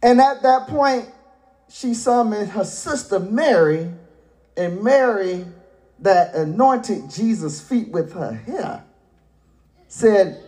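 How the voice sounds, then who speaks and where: Male pastor preaching, lively up and down voice, slow, shouts for emphasis. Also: sits high. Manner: folksy paraphrasing of scripture. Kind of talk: sermon.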